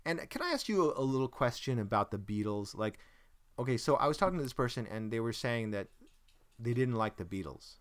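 A man's voice: medium pitch, expressive, a little fast. A man hosting a casual chat, rambling and searching for words, with self-deprecating jokes. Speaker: podcast host.

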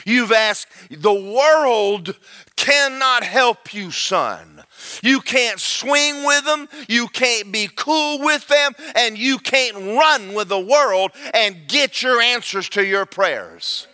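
A man voicing the Lord as a stern, fatherly voice with measured emphasis. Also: very high voice, lively intonation, pushed and bright, pitched above the performer's own voice, full character voice.

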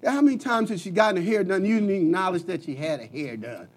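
A male pastor preaching a sermon with passion, repeating phrases and rising to sudden loud peaks. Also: high-pitched, lively intonation, quick pace.

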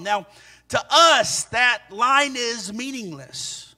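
A man preaching a sermon in an animated, sing-song way, with sudden loud peaks. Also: very high voice, takes it slowly.

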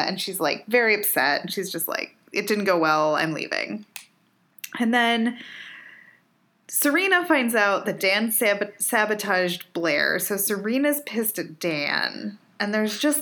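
A woman co-hosting a podcast over a remote call, recapping a TV episode with quick, exasperated commentary. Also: medium pitch, pushed and bright. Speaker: podcast co-host recapping a TV show. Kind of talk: casual chat.

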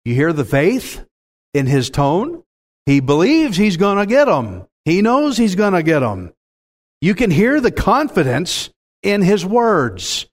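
A preacher delivers a sermon in a somewhat raised pitch. He swings dramatically in delivery and calls out to his congregation. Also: huge pitch swings, measured pace. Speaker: pastor.

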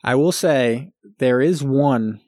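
Mid-pitched guy chatting casual, easygoing, dry sound. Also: slow, dry recording. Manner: relaxed, chatty, hedging with "like". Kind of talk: casual chat.

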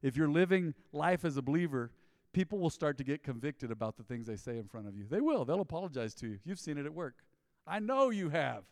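A man preaches a loose, conversational sermon, slipping into quick impressions of the people in his stories. His voice sits a little high for a man. The close mic keeps it dry, yet a long hall reverb trails after each phrase. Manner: animated storytelling, mimicking people in quoted asides. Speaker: pastor. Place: church.

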